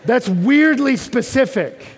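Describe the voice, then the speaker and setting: A man delivers a sermon in a church sanctuary. His voice sits high for a man, and he turns animated, climbing toward near-shouts at the peaks. A long hall reverb trails behind his words. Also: takes it slowly, breathy edge, a faint crowd. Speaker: pastor.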